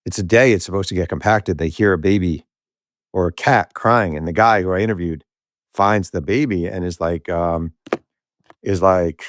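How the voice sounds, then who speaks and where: A man's voice: sits low, normal speed, no room sound, studio quality. A man, an author, telling a story in a casual interview and acting out the voices of the people in it. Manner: animated storyteller who acts out quoted voices. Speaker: author and podcast guest.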